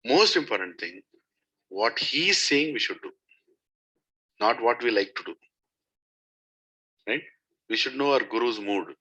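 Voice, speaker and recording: Man with a very bright, sharp voice. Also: medium pitch, expressive, unhurried, long pauses, breathy edge. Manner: storytelling, asks listeners questions. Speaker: spiritual teacher. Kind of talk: devotional talk to a satsang group. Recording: dull lo-fi recording.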